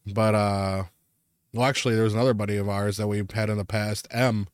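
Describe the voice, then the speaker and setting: A man's voice: fairly low pitch, flat delivery, fairly quick, clean tone, dry recording, studio quality. A man, a podcast co-host, telling a personal ghost story in a casual, profane, rambling way.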